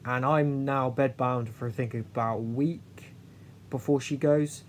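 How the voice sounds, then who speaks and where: A man's voice: medium pitch, fairly even intonation, slight background noise. A man vlogging a candid personal story, earnest and confessional, often restarting and trailing off. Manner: halting, with many restarts and trailing pauses.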